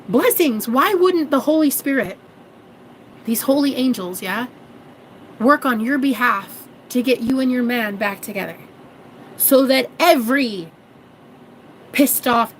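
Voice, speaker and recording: Sassy woman coach in her 30s, fairly high voice, preachy and profane. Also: slight background noise, rough recording. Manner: sassy and preachy, calls viewers girl and honey; swears freely. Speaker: manifestation coach. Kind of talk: casual vlog monologue.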